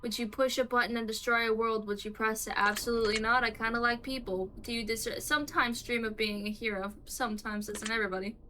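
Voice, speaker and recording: A woman streamer with a Southern US accent, chatting casually as she answers quiz questions aloud, halting and rambling with many restarts and trailing asides. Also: a little high, fairly even intonation, bright, forceful tone, a little hiss or hum, rough recording.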